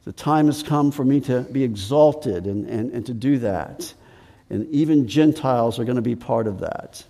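A man preaching a sermon, deliberate and emphatic, repeating key phrases and slowing down to stress them. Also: medium pitch, mellow, long reverb tail. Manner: deliberate preaching with slow emphatic stretches and repetition. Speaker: pastor.

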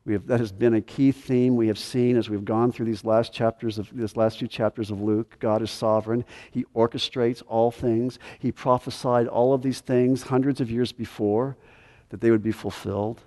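A man preaching an expository sermon, pressing his points with emphasis and then dropping to a quiet, intense delivery. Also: mid-range voice, flat delivery, normal speed. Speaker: pastor. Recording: long hall reverb.

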